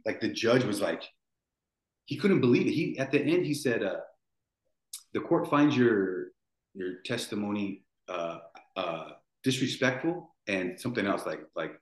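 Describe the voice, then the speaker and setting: A man's voice: lowish voice, lively intonation, measured pace. A man in his forties, a podcast guest telling a painful story in a rambling way, restarting and repeating his words. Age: 40s. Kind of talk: emotional storytelling. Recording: roomy echo.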